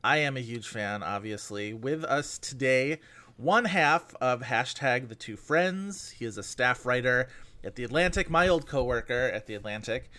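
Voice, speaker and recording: A man's voice: medium pitch, animated, pushed and bright. A man hosting a movie podcast, bantering and joking in casual chat. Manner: jokey, quick banter. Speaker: podcast host.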